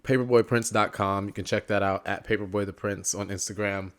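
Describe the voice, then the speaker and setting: A young man chatting as a podcast guest, animated and rambling, often drifting off on tangents. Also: fairly low pitch, brisk. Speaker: podcast guest, political candidate. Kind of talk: casual interview chat.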